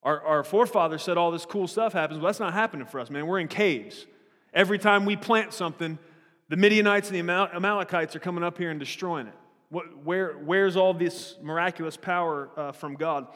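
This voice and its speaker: A man's voice: high-pitched, a little fast, a bit bright. A man voicing a sassy young man who complains to a stranger in casual slang. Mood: exasperated. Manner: mouthy, exasperated, casual slang. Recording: long hall reverb.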